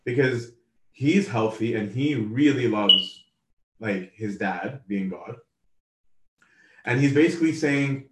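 A man's voice: medium pitch, slow pace, long pauses, fairly bright tone, a little hiss or hum. A man preaching a sermon in a casual, conversational way. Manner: casual, conversational, acts out quoted voices. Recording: roomy, from a distance.

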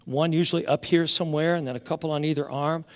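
A man in his sixties, a pastor preaching a heartfelt sermon, moving between loud emphasis and hushed, quiet moments. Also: fairly high pitch, steady tone, fast talker, in a large hall. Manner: emotional storytelling, swings from loud to hushed.

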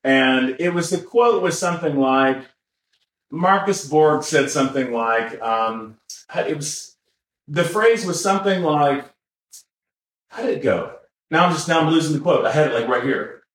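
A man's voice: a little high, expressive, unhurried, fairly bright tone. A man co-hosting a podcast in casual chat, rambling and correcting himself with lots of fillers and chuckles. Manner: chuckles while talking. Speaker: podcast co-host. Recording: roomy echo.

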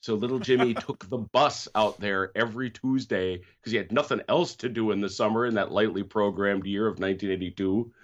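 A middle-aged man, a podcast guest, telling stories in loud, playful, nostalgic chat over a call. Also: on the low side, fairly even intonation, fairly quick, few pauses. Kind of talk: casual chat. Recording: dull lo-fi Skype call audio.

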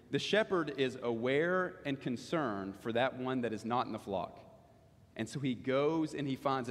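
Earnest male pastor in an echoing hall. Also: medium pitch. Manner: earnest, slows down for emphasis. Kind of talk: sermon. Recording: long hall reverb.

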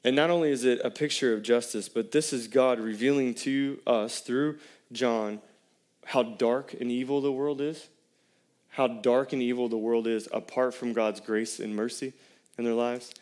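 A man's voice: medium pitch, fairly even intonation, normal speed, a little mellow. A man, a pastor preaching a sermon in a conversational way and putting questions to the congregation.

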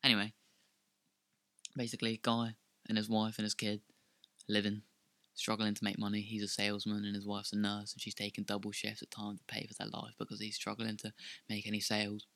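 A man's voice: fairly low pitch, monotone, a little fast, pushed and bright, no echo. A young man co-hosting a podcast, telling stories in a rambling, loose, casual way. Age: young adult. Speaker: podcast co-host. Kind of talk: casual chat.

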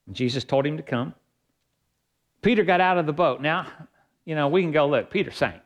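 A man's voice: on the high side, a little fast, long pauses. A man preaching a sermon as pastor, reading scripture aloud and building emphasis.

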